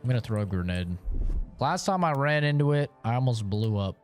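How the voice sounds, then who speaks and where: A man's voice: medium pitch, expressive, a little fast, faint music behind. A man streaming live gameplay, joking around and swearing playfully.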